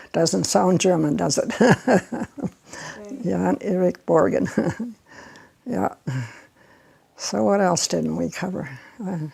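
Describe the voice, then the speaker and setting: A woman's voice: on the low side, extremely slow, gravelly, long pauses, darkish tone, breathy edge. An older American woman chatting and reminiscing in an oral history interview, laughing often.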